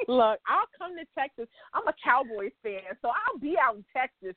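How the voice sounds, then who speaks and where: Woman, New York accent, podcast host, teasing, animated, dry phone-quality sound. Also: high-pitched, takes it slowly, long pauses, no room sound. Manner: playful, teasing, animated storyteller. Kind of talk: casual chat interview.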